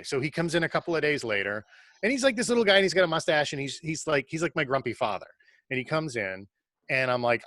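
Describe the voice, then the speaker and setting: A man tells a casual, animated story as a guest on a video call. His voice is bright and quick, and he says "like" often. The sound is dry and close. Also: a little high, dry recording. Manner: animated, fast-paced storyteller who uses lots of "like".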